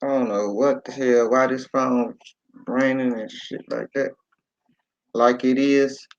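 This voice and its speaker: A man's voice: medium pitch, fairly even intonation, takes it slowly. Late-50s man, livestream host, rambling casual chat, muffled phone-quality audio. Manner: rambling, reads viewer comments aloud, swears casually.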